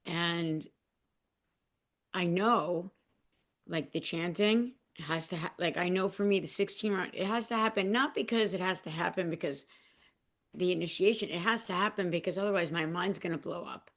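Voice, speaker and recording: A woman with a fairly low voice and a lot of gravelly fry shares personal stories. She is heartfelt and emotional and often stops and restarts her sentences, with many fillers. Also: normal speed, fairly bright tone. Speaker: podcast guest. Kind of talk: personal sharing in conversation.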